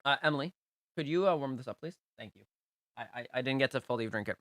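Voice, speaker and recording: Bright-voiced young man streaming. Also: mid-range voice, fast, no echo, clean studio sound. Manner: emphatic and playful, repeats phrases for stress. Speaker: livestream host rating viewers' game teams. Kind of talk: casual live-stream commentary.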